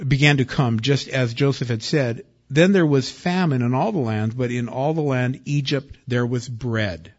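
Man preaching a sermon, husky timbre, conversational with loud and hushed turns, dull lo-fi sound. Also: medium pitch. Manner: conversational, acts out quotes, swings between loud and hushed. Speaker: pastor. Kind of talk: expository sermon. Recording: dull lo-fi recording.

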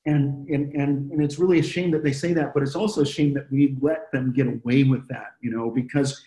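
A man's voice: medium pitch, steady tone, brisk, dark tone. A man leading a Bible study in an earnest, conversational way, stopping and restarting often as he explains. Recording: roomy echo.

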